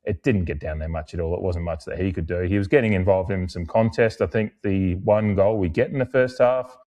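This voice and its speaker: Low-voiced man on a podcast. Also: brisk, lo-fi sound. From Australia. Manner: rambling, lots of fillers and restarts; mimics other people in animated, higher-pitched bursts while retelling. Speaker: podcast co-host. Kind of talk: casual podcast chat.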